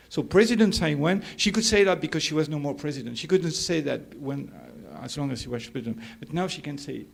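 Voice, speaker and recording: A man's voice: on the high side, lively intonation, quick pace, vocal fry, hardly any pauses. A man speaking as a sociologist in an academic workshop discussion, hesitant with many fillers and turning emphatic.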